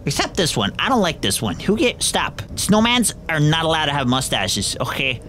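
A woman hosting gameplay commentary, excitable and reactive, often breaking into shouts. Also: low-pitched, moderate pace, a little hiss or hum. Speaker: gaming video host. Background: game music.

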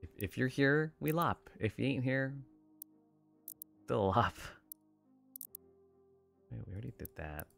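A man's voice: medium pitch, sing-song, a little slow, gravelly, long pauses, a bit bright, faint music behind. A man streaming a game, chatting playfully and rambling to his viewers and his pets. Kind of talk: casual gameplay stream chat.

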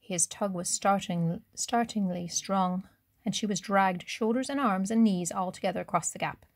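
Female audiobook narrator, measured storytelling, dry close sound. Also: medium pitch, no echo. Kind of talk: scripted narration.

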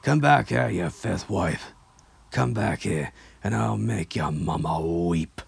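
A man voicing a battle-worn male soldier whose voice has a rasping, monotone quality and a dry, flat way of taunting. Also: low voice, slow pace, heavily acted.

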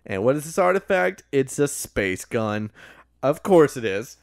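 Sarcastic podcast guy with smooth voice. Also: medium pitch, sing-song, measured pace, dry recording, clean studio sound. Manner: sarcastic, profane, laughing at his own jokes. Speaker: podcast co-host. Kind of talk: casual movie recap chat.

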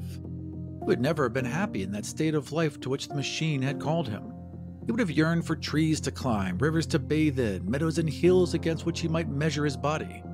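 A man narrating an audio drama in a measured, formal storytelling manner. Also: on the high side. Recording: narration over music.

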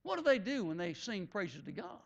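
A man's voice: high voice, sing-song, normal speed, gravelly, pitched below the performer's own voice, exaggerated voice. A man voicing his grandfather in a sermon story, an older man asking plain, probing questions. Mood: questioning. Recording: dull lo-fi recording.

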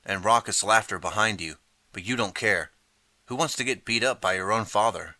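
A man reading a second-person interactive audiobook in steady, measured narration. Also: lowish voice, dry recording.

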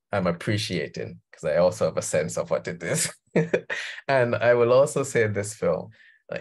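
A man's voice: sits low, darkish tone. A man coaching leaders, talking conversationally over a video call and laughing easily. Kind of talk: guest talk on a video call.

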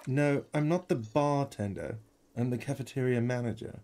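A surly, dismissive cafeteria manager, as a man puts him on, answers in a curt, sarcastic way. His vaguely European accent sits on a mellow, darkish voice, and his pitch stays in a middle range. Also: normal speed, lightly acted. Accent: vaguely European, put on.

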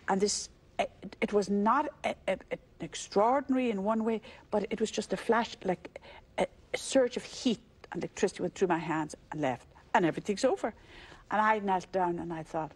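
An older Irish woman, a religious sister, telling her story in a relaxed interview. Her voice is husky and a little breathy, with a middle pitch, and she slips into the voices of the people she talks about. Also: a little fast. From Ireland. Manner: animated storyteller who acts out the voices in her story and laughs often.

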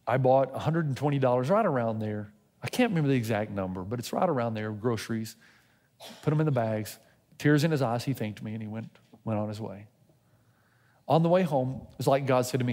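A man's voice: medium pitch, darkish tone, in a large hall. A middle-aged man preaching a sermon as a pastor, telling a personal story and acting out both sides of his conversations with God. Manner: storytelling preacher who acts out dialogue with God.

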